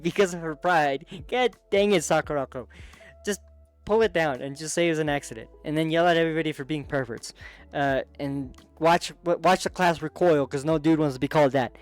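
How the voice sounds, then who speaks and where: A man giving a casual, excitable recap of a manga, chatty and full of restarts and asides. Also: a little high, a little fast, soft background music. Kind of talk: casual commentary.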